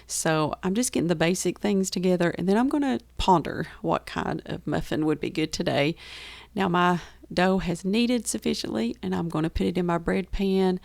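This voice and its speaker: A woman with a rural Southern US accent talks through her baking day in a casual, chatty voice-over. Her voice sits a little low and has a gravelly fry to it. It is recorded close and dry, with almost no room sound. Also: darkish tone, dry recording. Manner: chatty and enthusiastic, laughs easily. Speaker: homestead baking vlogger.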